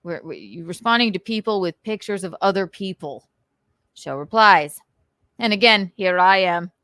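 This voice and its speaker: A woman's voice: mid-range voice, moderate pace, fairly bright tone, no echo. Woman host, transatlantic accent, enunciated and goofy, close and dry sound. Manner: crisp enunciation, goofy, theatrical outbursts. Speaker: show host. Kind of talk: casual rant reacting to online comments.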